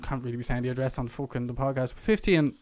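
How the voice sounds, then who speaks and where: Rapid-fire and medium-pitched, with a slightly mellow sound and no echo, a young man from Ireland co-hosts a podcast. He relates a long story in relaxed banter, full of swearing and laughter, and acts out what people said in a louder voice.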